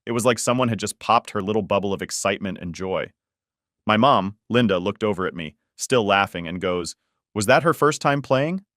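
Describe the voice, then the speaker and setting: Low-voiced man narrating a blunt story. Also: fairly quick, fairly bright tone, dry recording, studio quality. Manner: casual, blunt, swears freely. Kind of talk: scripted first-person story narration.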